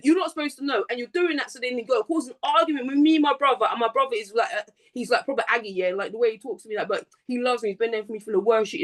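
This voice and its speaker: Woman ranting fast on a podcast, high voice, swears a lot, lots of "like" and "yeah". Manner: heated, profane, rambling with many fillers. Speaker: guest. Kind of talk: casual podcast chat.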